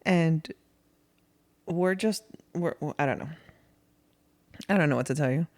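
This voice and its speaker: A woman co-hosting a podcast, chatting casually in an animated, rambling way with laughs. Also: deep voice, measured pace. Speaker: podcast co-host. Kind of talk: casual chat.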